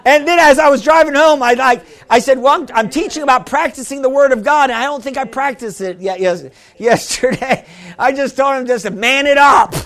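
High-voiced preaching man. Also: brisk. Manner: animated preacher, swings from quiet storytelling to shouted exclamations. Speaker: pastor. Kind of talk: sermon.

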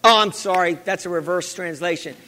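High-voiced preacher in an echoing hall. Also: male voice, fairly quick, bright, forceful tone. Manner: repeats phrases, calls for amens. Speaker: pastor. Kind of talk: sermon. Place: church hall. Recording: long reverb of a big hall.

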